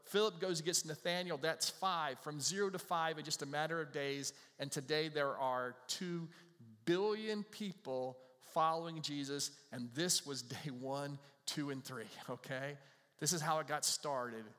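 Male pastor, slightly high voice, conversational preaching style, long hall reverb. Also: unhurried, a bit bright. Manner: conversational preaching, paraphrasing scripture in everyday words. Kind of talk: sermon.

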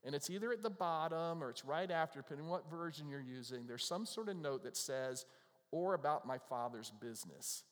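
A man's voice: a little high, expressive, brisk. A middle-aged male pastor giving a casual, conversational sermon, often acting out the voices of people in the scriptures. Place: church. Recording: long reverb of a church hall.

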